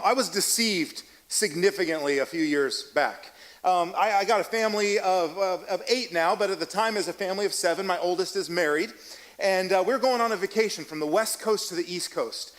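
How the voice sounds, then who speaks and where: A man's voice: high-pitched, a bit bright, low-quality recording. A middle-aged male pastor giving a conversational sermon, telling a story in a chatty, self-deprecating way with lots of restarts and acted-out dialogue. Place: church sanctuary.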